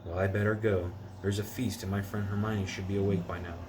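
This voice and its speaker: A man's voice: on the low side, flat delivery, brisk, background noise, lightly acted. A man reading a modest young boy wizard. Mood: plain. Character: brave young schoolboy wizard, dry and modest. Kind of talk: reading a storybook aloud.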